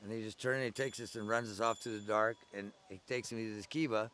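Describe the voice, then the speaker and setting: A man's voice: fairly low pitch, fairly even intonation, fast, a bit bright, a little hiss or hum. An older man recalling his early days at the gathering in a rambling, conversational oral-history style. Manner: rambling, conversational storytelling with digressions.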